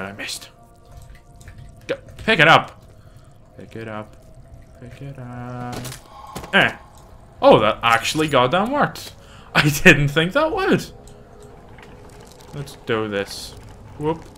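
A man's voice: fairly low pitch, bright, forceful tone, a little hiss or hum. A man giving profane, jumpy let's play commentary on a horror game, scolding the objects in it. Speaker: gamer.

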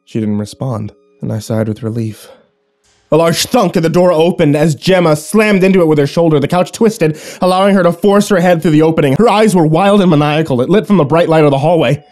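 A man telling a first-person horror story in a measured, hushed and tense way. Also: on the high side, dry recording.

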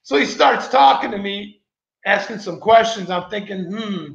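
A man's voice: sits high, moderate pace, vocal fry, fairly bright tone. A man hosting a vlog, telling a rambling story to his viewers in a casual, chatty way. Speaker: vlogger host. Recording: echoey, slightly dull recording.

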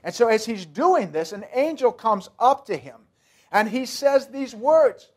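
A man's voice: very high voice, very animated, measured pace. A man pastor preaching a sermon, emphatic and repetitive, speaking directly to the congregation.

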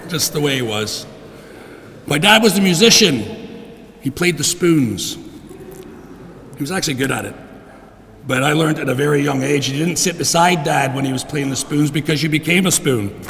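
A middle-aged man giving a heartfelt funeral eulogy for his father in a church, clearing his throat often. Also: a little high, moderate pace, pauses often, fairly bright tone, a little hiss or hum. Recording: long reverb in a church.

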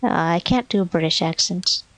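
Game music plays behind a woman with a lowish voice who talks at a moderate pace; the recording is rough, with no room sound. She's streaming a casual let's play, chatting, cursing, laughing, and voicing dialogue choices aloud.

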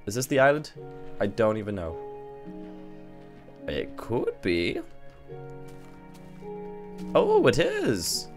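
A man talks through a game in loose, swearing commentary. His pitch moves a lot. Faint music plays behind him. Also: huge pitch swings, takes it slowly, long pauses. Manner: chatty, swears, thinks aloud. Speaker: gaming video host. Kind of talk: let's play commentary.

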